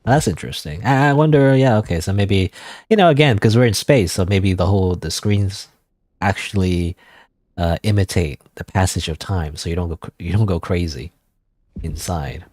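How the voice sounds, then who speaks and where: A man's voice: deep voice, normal speed, a little mellow, dry recording. A man streaming a video game, thinking aloud in a casual, rambling way and reading in-game text. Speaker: gaming streamer. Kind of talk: let's play commentary.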